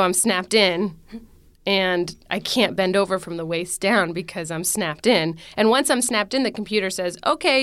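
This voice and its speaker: A woman's voice: medium pitch, a bit bright, smooth, no echo. A young woman, a stage actress, telling a story in a casual interview, acting out her own panic in quoted lines.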